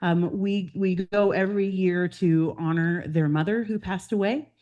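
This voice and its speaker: A woman in her fifties, president-elect of a club, talking casually and warmly through family photos at a meeting, with frequent "um"s. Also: lowish voice, steady tone, a little slow, dull audio. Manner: chatty and heartfelt, with fillers and laughs. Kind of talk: personal slideshow talk to a club meeting. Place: meeting room.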